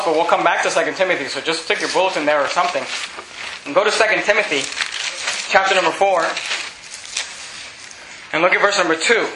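A man preaching a fiery sermon as pastor, yelling and hammering points with repetition. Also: sits high, roomy sound, noisy background. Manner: loud, yelling, emphatic repetition. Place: church sanctuary.

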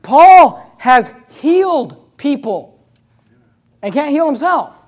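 High-voiced preaching pastor. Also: male voice, big pitch swings, slow. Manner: emphatic preaching with repeated phrases; swings between loud and hushed. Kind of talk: sermon.

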